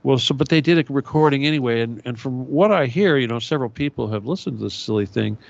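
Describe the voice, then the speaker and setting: A man's voice: mid-range voice, fast, vocal fry, no room sound, muffled recording. A man hosting his own radio show, delivering a profane, sarcastic conspiratorial monologue. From United States.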